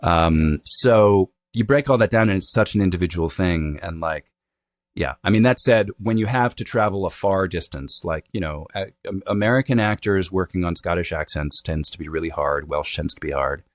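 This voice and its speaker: A man with a very low voice talks through his expertise in an easygoing interview. He explains at length, restarting phrases and filling pauses with "um" and "you know." The sound is dry and close. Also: no room sound. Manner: thoughtful, explanatory, with frequent fillers. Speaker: dialect coach. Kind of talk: casual interview answers.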